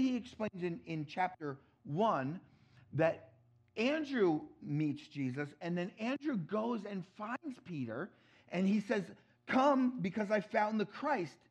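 A man preaching a sermon as pastor, swinging from loud emphatic quotes to hushed, low asides. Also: lo-fi sound.

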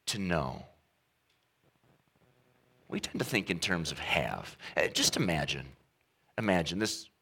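A man preaching a sermon as pastor, talking conversationally with humor, slowing and stressing key words. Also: sits low, bright, forceful tone. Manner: emphatic, with varied pace.

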